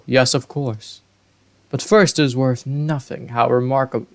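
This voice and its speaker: A man voicing an aged, huge male fish-folk king in a video game, speaking formally and slowly. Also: mid-range voice, close to an everyday voice. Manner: formal, stately, slow and courtly.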